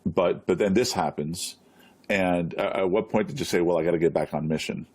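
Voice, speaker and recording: A man interviewing a guest, halting and searching for his words. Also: low voice, a little mellow, husky.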